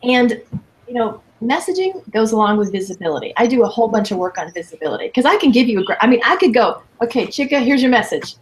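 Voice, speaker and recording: A woman in her fifties, a coach talking as a guest in a casual interview, lively and emphatic. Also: a little high, quick pace, a little hiss or hum. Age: 50s. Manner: lively, emphatic, quotes people in playful voices.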